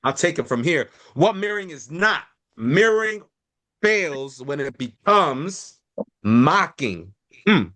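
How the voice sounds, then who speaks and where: Bright, lively man reading slides wryly. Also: fairly high pitch, takes it slowly. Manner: wry asides while reading.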